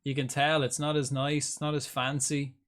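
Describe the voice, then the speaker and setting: A man's voice: mid-range voice, flat delivery, moderate pace, a bit bright. A man streaming a game live, chatting casually and rambling to his viewers. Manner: rambling, chatty, talks to chat by name. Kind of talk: casual live-stream chat while gaming.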